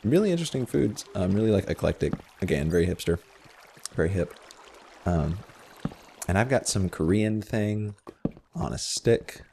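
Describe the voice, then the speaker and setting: Deep gravelly man, rambling gamer chat. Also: animated, normal speed, long pauses, dark tone, a little hiss or hum. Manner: rambling, filler-heavy, self-deprecating. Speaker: Minecraft video host. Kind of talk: casual storytelling while playing a game.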